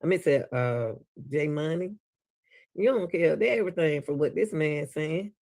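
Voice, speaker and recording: A man's voice: fairly high pitch, expressive, a little slow, gravelly, darkish tone. A man with a Southern US accent, hosting a reaction video and talking casually to his viewers, laughing and exclaiming in disbelief.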